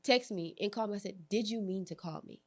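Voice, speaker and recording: A young adult woman hosting a candid podcast conversation, telling animated stories, acting out quoted lines and laughing often. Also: medium pitch, quick pace. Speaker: podcast host.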